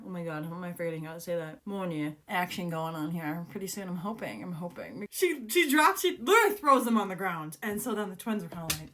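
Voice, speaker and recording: A young woman chatting excitedly about a book she is reading, scolding its characters as if they could hear her. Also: mid-range voice, fairly quick, few pauses. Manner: excitable, chatty, talks straight to the book's characters. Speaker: book reaction vlogger. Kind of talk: casual reading reaction.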